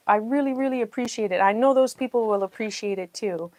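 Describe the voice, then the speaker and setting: A woman's voice: mid-range voice, quick pace, few pauses, darkish tone, no room sound. A woman hosting a casual livestream while she builds a jigsaw puzzle, chatting freely and thanking her viewers effusively.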